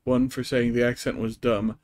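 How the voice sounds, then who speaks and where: A man's voice: mid-range voice, little pitch movement, moderate pace, darkish tone. A young man streaming a game, making wry, self-mocking asides to his chat in casual commentary.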